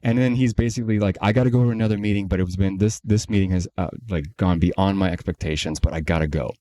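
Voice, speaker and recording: A man with a low, warm voice tells a story on a casual podcast. He talks in an easy, conversational way. He slips into the voices of the people he quotes as he goes. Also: quick pace. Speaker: podcast co-host, company CEO.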